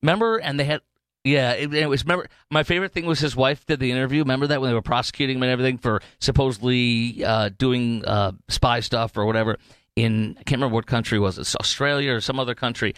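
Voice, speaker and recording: A man's voice: medium pitch, quick pace, a bit bright, smooth, dry recording. Male talk radio host, rambling opinionated monologue, dry close studio sound. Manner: rambling, digressive, mocking impressions.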